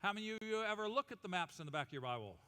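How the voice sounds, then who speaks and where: A male pastor preaching an animated, humorous sermon and leading the congregation in call-and-response. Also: high voice, rapid-fire, clear, resonant tone. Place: church auditorium. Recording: reverberant church hall.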